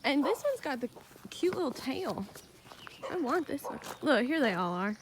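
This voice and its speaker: High sing-song woman coaxing dogs. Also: sing-song, normal speed, background noise. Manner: sing-song baby talk. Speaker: animal rescuer. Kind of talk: coaxing talk to stray dogs.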